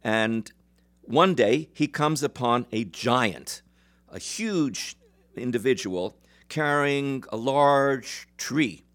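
A man of middle pitch, giving a lecture and retelling a fairy tale step by step. His delivery is measured, with a few fillers and restarts along the way. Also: expressive, fairly bright tone. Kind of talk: storytelling lecture.

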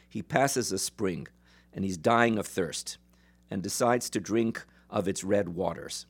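A man lecturing as he retells a traditional folk tale in a measured way, with some fillers. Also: lowish voice, vocal fry, breathy edge. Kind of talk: storytelling lecture.

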